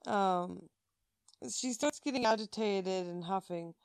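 Slow-talking woman telling a story. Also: on the low side, clear, resonant tone, no room sound, studio quality. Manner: animated storyteller, acts out quoted voices, laughs often. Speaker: podcast co-host. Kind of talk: casual storytelling chat.

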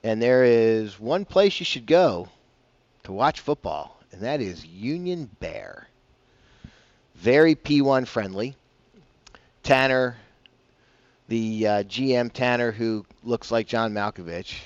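A man's voice: medium pitch, lively intonation, slow, pauses often, dry recording, highs cut off. A man hosting a casual morning golf radio show, rambling and chatty with self-deprecating asides, on a broadcast mic. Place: broadcasting from a bar.

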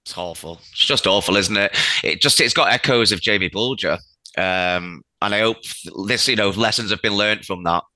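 A man's voice: on the low side, moderate pace, pushed and bright, dry recording. A man commentator joining a radio show as a guest, speaking in a somber, grave way over a distant remote line.

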